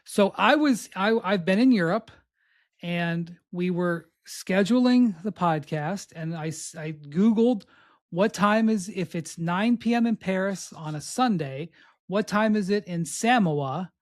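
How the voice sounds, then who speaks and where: Man hosting a podcast, animated storyteller. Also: high-pitched, a little slow. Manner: animated storytelling, acts out others' lines. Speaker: podcast host. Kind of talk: casual podcast chat. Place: remote from abroad.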